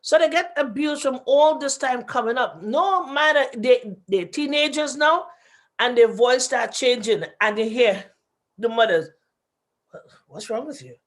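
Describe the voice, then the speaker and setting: A woman's voice: high-pitched, unhurried. A woman, a radio guest talking and acting out quoted voices as she tells stories. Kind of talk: radio talk show discussion.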